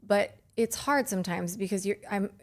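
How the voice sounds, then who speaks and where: A woman in her thirties hosting a podcast, talking in an earnest, halting way with many restarts and fillers. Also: medium pitch. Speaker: podcast host. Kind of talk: casual heartfelt conversation.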